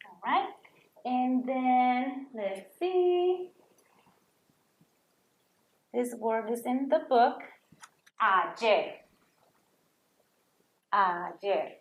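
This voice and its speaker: A woman's voice: high-pitched, expressive, very slow, long pauses, echoey room, narrow, tinny audio. A woman teaching a Spanish lesson to children, patiently sounding out words and repeating them for students to copy.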